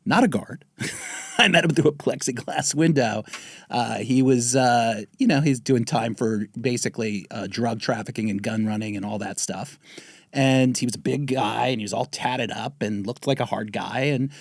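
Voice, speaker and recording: A man in his fifties from the Bronx tells a long personal story in a relaxed interview. He talks in an everyday middle register and lifts his pitch sharply when he quotes other people. The sound is dry and close, with no room echo. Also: normal speed, vocal fry. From the Bronx, New York. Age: 50s. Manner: animated storyteller, acts out quotes with pitch jumps. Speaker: guest, TV writer.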